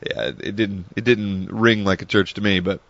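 A man's voice: fairly low pitch, steady tone, moderate pace, vocal fry, fairly bright tone, dry recording. A man telling meandering stories in a casual, chatty monologue full of asides. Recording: dull lo-fi dry recording.

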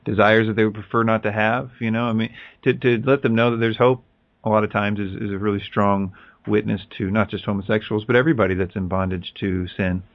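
A man talking about faith in a casual way, halting and often repeating words. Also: fairly low pitch, steady tone, no room sound, muffled recording. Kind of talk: casual religious talk.

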